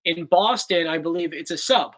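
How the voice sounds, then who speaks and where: A man's voice: fairly high pitch, normal speed. A young man from South Jersey with a South Jersey accent, hosting a casual Q&A chat in a joking, rambling way. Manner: joking, rambling, animated explainer. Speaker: channel host.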